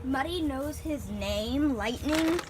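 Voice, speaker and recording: Filming on a handheld phone in her backyard, a young woman chats informally about her guinea pigs, full of fillers and cooing baby talk to her pets. Her voice sits high, a little mellow, with lively intonation and a slow pace. There's a bit of background noise.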